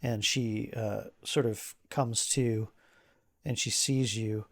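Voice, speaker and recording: Man running a tabletop game, gravelly voice, halting casual narration, dry close sound. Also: fairly low pitch, fairly even intonation, a bit bright, no room sound. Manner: casual, halting, many fillers, laughs often. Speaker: game master.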